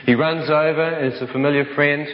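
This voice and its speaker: A man's voice: on the high side, steady tone, brisk. A man giving a dramatic personal testimony, telling it vividly and acting out the other voices. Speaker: speaker telling his life story. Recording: dull recording with long hall reverb.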